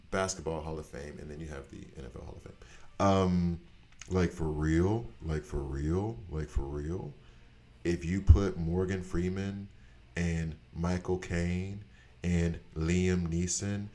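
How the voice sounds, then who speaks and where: A man with a low voice holds forth on his gaming channel in a loose, unscripted rant. He is blunt and animated, drops casual swears, and often trails off and restarts his sentences. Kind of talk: casual ranting chat.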